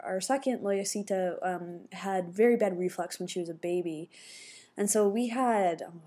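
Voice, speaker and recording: A chatty woman co-hosts a relaxed family podcast in a warm, mellow voice. She rambles along, her sentences full of fillers and restarts. Her pitch sits a little low. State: pregnant. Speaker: podcast co-host and mother. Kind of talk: casual chat.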